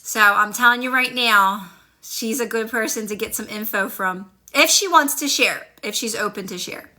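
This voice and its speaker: A woman's voice: fairly high pitch, normal speed, sharp tone. A woman coaching viewers on a phone livestream, upbeat and encouraging, talking back to their comments. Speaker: manifestation coach. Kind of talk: casual livestream chat with viewers.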